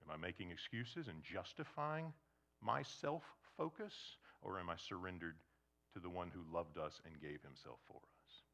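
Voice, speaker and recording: A man preaching a sermon to a congregation, shifting between loud emphasis and hushed near-whispers, and acting out imagined questioners. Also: sits low, lively intonation, moderate pace, vocal fry. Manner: acts out imagined questioners in quoted asides. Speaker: pastor.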